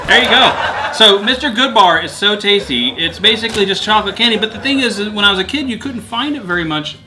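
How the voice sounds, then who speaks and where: Upbeat guy, vlog co-host, jokey candy talk, bright tone. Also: sits high. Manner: playful, joking, laughs often. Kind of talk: casual candy-tasting chat.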